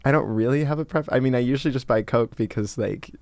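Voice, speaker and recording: A man's voice: medium pitch, quick pace, vocal fry, darkish tone, no echo. A young man guesting on a college radio show, talking in an easygoing way and laughing often. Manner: easygoing, laughs often, reads posts aloud. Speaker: guest co-host. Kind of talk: casual joking chat.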